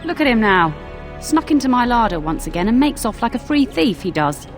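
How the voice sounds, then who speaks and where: A woman plays a cranky old cook who runs her castle kitchen with a sharp tongue. Her pitch leaps all over as she scolds, with game music behind her. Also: big pitch swings, a little fast. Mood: grumbling. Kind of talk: fan voice acting over a game.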